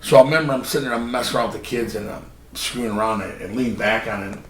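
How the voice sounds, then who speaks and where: A man's voice: medium pitch, racing, distant mic. A man in casual podcast chat, telling a story in a laid-back, rambling way. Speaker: podcast co-host. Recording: gravelly voice in an echoey room, off mic, faint noise.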